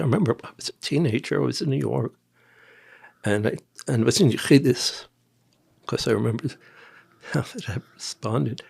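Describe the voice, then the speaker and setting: An older man from Tennessee, a podcast guest, telling personal stories in a rambling, halting way with quiet asides. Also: medium pitch, gravelly, husky. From Nashville, Tennessee. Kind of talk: personal storytelling in an interview.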